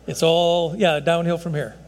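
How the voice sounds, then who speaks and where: High-voiced man in his sixties preaching. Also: level tone, a little slow, a little mellow, long reverb tail. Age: 60s. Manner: folksy, repeats "folks, I'm telling you". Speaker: pastor. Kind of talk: sermon.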